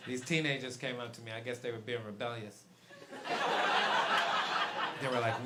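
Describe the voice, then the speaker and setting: A man's voice: medium pitch, fairly even intonation, moderate pace, very noisy. A man doing a stand-up set, telling a story, acting out the other people in it and swearing freely. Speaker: stand-up comedian. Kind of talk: stand-up routine. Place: comedy club stage.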